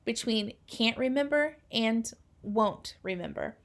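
A woman reading aloud the lines of a kind, wise old female elephant, gentle and soothing. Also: a little high, lively intonation, takes it slowly. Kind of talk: read-aloud storybook.

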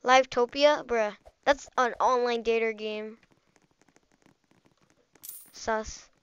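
Woman, gaming host, high bright voice, excitable rambling play-by-play, dry close sound. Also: slow pace, clear, resonant tone, no echo, muffled recording. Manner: excitable, chatty, rambling with frequent "like" and "bro". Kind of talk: live gameplay commentary.

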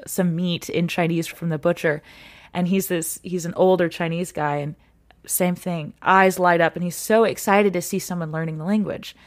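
Brief: woman interview guest, slightly low voice, earnest and animated storyteller. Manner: animated, earnest, laughs often. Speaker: guest, content creator.

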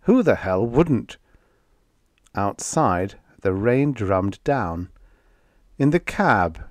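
Male audiobook narrator, lower voice, very slow and lively, dry close recording. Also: no echo. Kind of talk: scripted first-person story narration.

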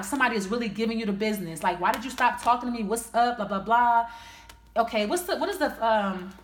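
A woman's voice: fairly high pitch, fairly bright tone, a little hiss or hum. A woman doing a casual tarot reading, blunt and profane, thinking aloud as she pulls each card. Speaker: tarot reader. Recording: roomy echo.

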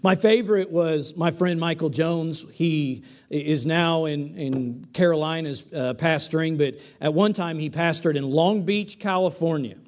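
A man with a high voice preaches a sermon from a church pulpit. He tells his stories with restarts and false starts, then rises to emphatic peaks. The sound is that of a church service livestream. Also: measured pace, hardly any pauses. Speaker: pastor. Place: church sanctuary.

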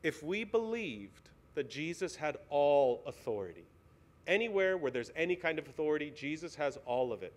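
A man's voice: on the high side, sing-song, moderate pace. A male pastor preaching a sermon in a church, earnest and pleading, asking the congregation many questions. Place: church sanctuary.

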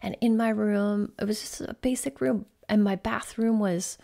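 A woman hosts her own coaching podcast and tells a personal travel story off the cuff. Her pitch sits right in the middle for a woman. She rambles cheerfully and fills her sentences with "like" and "so". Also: fairly even intonation, normal speed, vocal fry, warm tone. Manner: chatty, rambling, peppered with "like".

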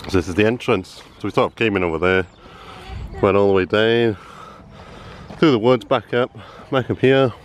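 A man's voice: fairly low pitch, normal speed, long pauses. A man in his thirties, a family vlogger chatting casually while walking an outdoor farm trail, encouraging his small son, into a handheld camera.

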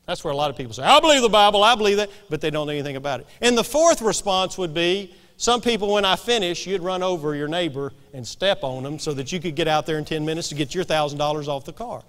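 A man preaching in a church sanctuary with a high voice. He tells stories in a folksy, emphatic way. His voice carries a long reverb from the large hall. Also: fast, hardly any pauses. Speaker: pastor. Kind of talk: storytelling sermon.

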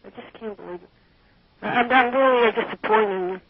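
A woman's voice: fairly high pitch, a little fast, gravelly. A woman calling a radio show, talking in a distraught, shocked and stammering way. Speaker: caller. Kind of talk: call-in radio talk. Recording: muffled phone line with faint noise.

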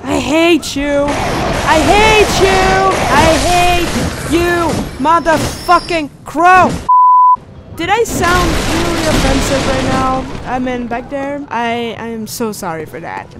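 A woman hosting a let's play, excitable, shrieking and goofing around as she comments on a game. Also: high-pitched, takes it slowly, very noisy. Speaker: gaming channel host.

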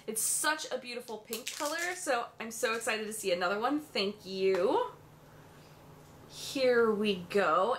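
A young woman, a beauty vlogger, gushing and squealing with excitement as she unboxes a makeup swap. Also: high-pitched, a little hiss or hum.

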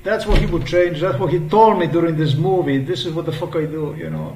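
A man's voice: on the high side, expressive, a little fast, vocal fry, few pauses, a little mellow, a little hiss or hum. A man in his fifties translating an interview clip while ranting, profane, mocking and repetitive. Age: 50s. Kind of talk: angry sarcastic rant. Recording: echoey room.

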